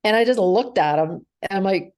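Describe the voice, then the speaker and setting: A woman's voice: medium pitch, expressive, moderate pace, a little mellow. A woman in her forties, a guest in an interview, telling a candid personal story and acting out the dialogue, laughing through hard memories. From Canada.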